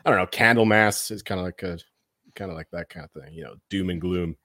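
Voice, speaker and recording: Low-voiced co-host, easygoing, dry close mic. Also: male voice, fast talker, a bit bright, no echo. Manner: laid-back, self-deprecating. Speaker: podcast co-host. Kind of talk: casual podcast chat.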